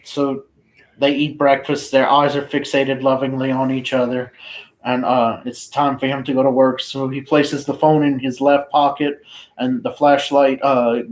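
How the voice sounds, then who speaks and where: A man casually reading his own fiction aloud, unhurried and flat, now and then pausing to find his place. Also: mid-range voice, low-quality recording.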